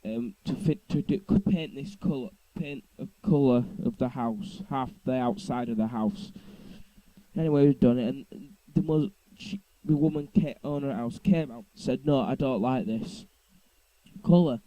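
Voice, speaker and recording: Rambling man with a very dark voice. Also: mid-range voice, moderate pace, dry recording, poor audio. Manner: rambling, often correcting himself. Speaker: vlogger. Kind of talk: casual storytelling. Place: indoors at home.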